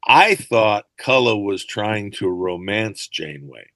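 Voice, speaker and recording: An older man, an actor and fight choreographer, telling rambling, animated anecdotes as a guest over a video call. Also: lowish voice, takes it slowly, no room sound. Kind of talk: casual interview storytelling.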